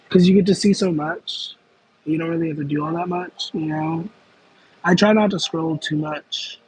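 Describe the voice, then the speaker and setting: Young male streamer, casual comment-reading chat, rambling delivery, slightly husky tone. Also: a little high, a little mellow, low-quality recording. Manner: rambling, self-aware, with frequent fillers and laughs. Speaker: livestream host.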